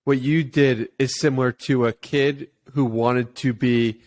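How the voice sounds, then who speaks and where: A man's voice: medium pitch, steady tone, a little slow, a little mellow. A man hosting a podcast, asking short curious questions in a casual interview. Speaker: podcast host.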